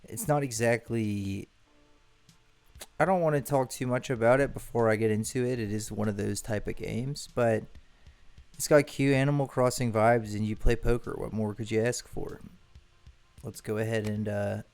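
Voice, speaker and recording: Gravelly-voiced man streaming a game. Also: on the low side, normal speed, a little mellow, faint music behind. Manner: rambling, self-correcting, swears casually. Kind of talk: casual gameplay commentary.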